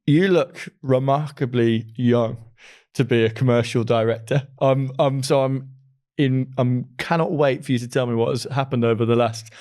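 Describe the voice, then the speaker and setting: A man's voice: mid-range voice, fairly even intonation, moderate pace, darkish tone. A man from the Midlands hosting an interview podcast, chatty and enthusiastic, often laughing. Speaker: podcast host. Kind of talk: casual interview chat.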